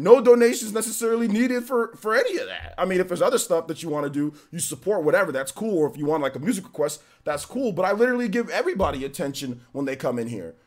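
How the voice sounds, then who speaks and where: A male streamer chats live from his home setup. His voice sits high and swings widely in pitch. He reels off viewer names with quick greetings and laughs off trolls in a loose, slangy way. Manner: shouts out chat names, trash-talks trolls, laughs often. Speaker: streamer reading live chat. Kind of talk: casual live-stream chat.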